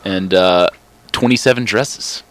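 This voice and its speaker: A young man with a very deep voice hosts a college radio segment from the studio mic. He keeps things loose and jokey while moving the conversation along. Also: a little slow, no echo. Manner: loose and joking, steering the segment. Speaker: radio host. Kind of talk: casual radio chat.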